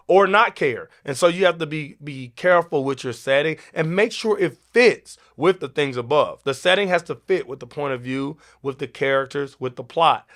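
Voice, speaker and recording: A man hosting a podcast, talking in a casual, animated way with many restarts and an African American English lilt. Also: fairly high pitch. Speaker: podcast host. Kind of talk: casual teaching talk.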